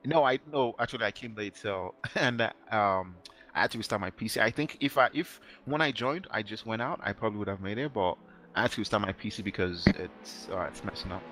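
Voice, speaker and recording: A man's voice: fairly low pitch, fairly quick, sharp tone, slight background noise. A man in casual voice chat recapping a sim race, rambling with frequent laughs and self-deprecating asides. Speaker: sim racer.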